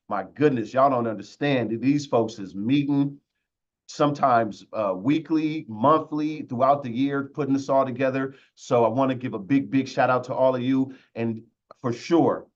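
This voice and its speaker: Male webinar host, energetic, slangy, mid-pitched, slightly dull audio. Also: moderate pace. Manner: hype, shout-outs, informal slang.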